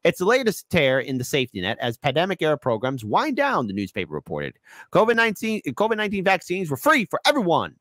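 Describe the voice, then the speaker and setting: A man hosting a ranting political commentary show, sarcastic and animated, with mocking asides. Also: a little high, quick pace, no room sound.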